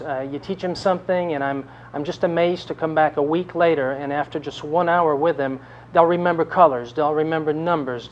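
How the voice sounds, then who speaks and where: A man who volunteers as a French teacher, answering interview questions in a halting way, repeating words with many "uh"s. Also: on the high side, slight background noise. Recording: dull lo-fi recording.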